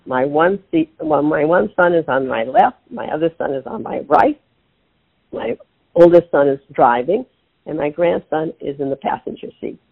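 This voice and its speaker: An older woman, an author and interview guest, telling a family story with lively acted-out dialogue. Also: sits low, normal speed, creaky, breathy edge. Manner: animated storyteller acting out her own quotes. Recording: tinny phone line.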